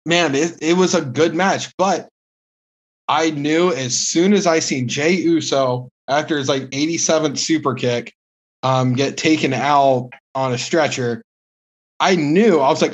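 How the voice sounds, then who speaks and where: Blunt, swearing man, slightly higher voice. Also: measured pace. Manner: blunt, swears, ranting opinions. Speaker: podcast co-host. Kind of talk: casual podcast review chat.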